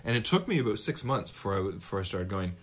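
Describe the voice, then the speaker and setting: A man's voice: on the low side, big pitch swings, quick pace, a bit bright. A man in his late thirties, co-hosting a casual film chat and acting out movie lines in mocking voices.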